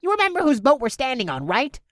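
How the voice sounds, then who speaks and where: A man's voice: extremely high pitch, wildly swooping pitch, fast, a bit bright, dry recording, clean studio sound, voice pushed up, heavily acted. A man voicing a snarling, scornful male orc in a raised, pinched voice. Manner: snarling and contemptuous.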